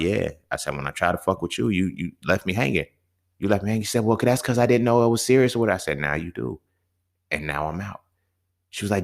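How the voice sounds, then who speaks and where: With a very deep, gravelly voice, a young man who hosts a podcast spins a casual, profane story as a monologue. He keeps checking in with "you feel me?" and jumps from low mutters to abrupt high exclaims.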